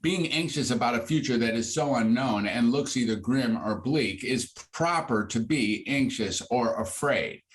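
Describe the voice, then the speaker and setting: An older man, a psychiatrist, talks openly in a conversational interview. His voice sits at a middling pitch and leaps upward in lively bursts when he drives a point home. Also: normal speed, hardly any pauses. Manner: animated, builds to high bursts when making a point. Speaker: psychiatrist guest.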